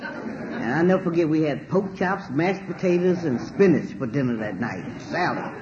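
A woman giving a spoken personal testimony, animated and emphatic, swearing freely and laughing as she tells it. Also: sits low, moderate pace, highs cut off, background noise. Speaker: storyteller sharing a personal testimony.

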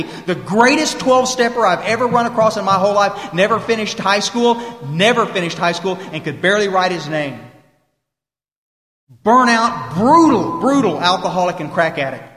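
A man's voice: high voice, expressive, normal speed, pushed and bright. A man giving an emphatic, folksy talk to a recovery meeting. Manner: folksy, emphatic, quotes people in voices. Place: meeting room. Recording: echoey hall, live talk recording.

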